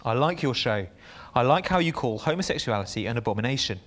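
A man's voice: medium pitch, lively intonation, fast talker, a bit bright, lightly acted. A man reading out the lines of a sarcastic male president who lectures a critic with mock-earnest questions.

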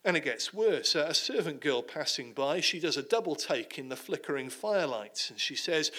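A man preaching a sermon, retelling the passage dramatically and dropping to hushed tones at the heavy moments. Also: a little high, lively intonation, normal speed, few pauses.

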